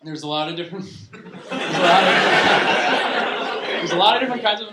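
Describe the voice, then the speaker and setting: This young comic has a high, animated voice and a moderate pace as he performs stand-up live, rambling and breaking off mid-sentence to begin again. The audience laughs in the background of a roomy, faintly noisy recording.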